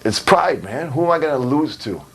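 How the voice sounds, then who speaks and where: A pro wrestler in his thirties gives a candid interview as a guest, telling stories bluntly and animatedly with lots of swearing and laughs. His voice is medium-pitched and fairly quick.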